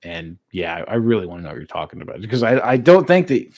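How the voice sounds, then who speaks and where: An American man casually chatting with his live-stream viewers, relaxed and laughing easily, with plenty of filler words. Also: on the low side, quick pace, no echo. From United States. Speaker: streamer reading live chat.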